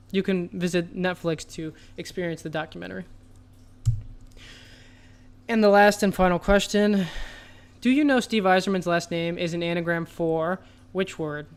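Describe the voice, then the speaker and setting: A man hosting a comedic trivia segment, delivering absurd jokes as if they were straight facts in a deadpan, mock-serious way. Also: sits high, clear, resonant tone. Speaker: trivia host.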